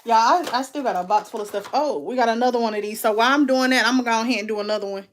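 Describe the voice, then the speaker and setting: A woman's voice: a little high, rapid-fire, slight background noise. A woman, chatting casually and candidly as she unboxes and reviews makeup, calling her viewers "baby" and "y'all". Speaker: beauty vlogger.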